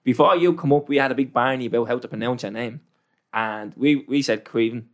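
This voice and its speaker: A man's voice: medium pitch, a little fast. A man co-hosting a podcast, talking in an opinionated, sweary manner. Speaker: podcast co-host. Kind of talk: casual podcast chat.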